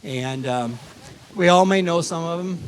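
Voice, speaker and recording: A man's voice: a little high, a little hiss or hum, low-quality recording. Folksy man giving a wedding toast. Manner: folksy, halting storyteller with many fillers. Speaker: wedding toast speaker, family of the bride. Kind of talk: wedding speech with a joke. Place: wedding reception.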